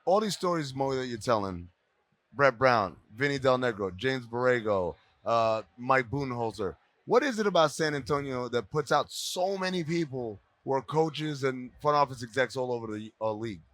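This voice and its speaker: A man of middle pitch hosts a podcast and keeps the guest talking with questions and quick jokes. The sound is dry and close. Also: a bit bright, dry recording. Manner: joking, prompting questions. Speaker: podcast host. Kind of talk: casual interview chat.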